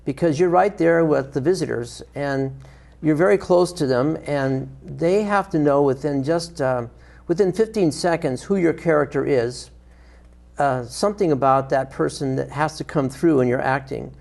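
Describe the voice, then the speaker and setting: Brief: male theater director, gravelly, somewhat high voice, chatty. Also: normal speed, darkish tone. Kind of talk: studio TV talk.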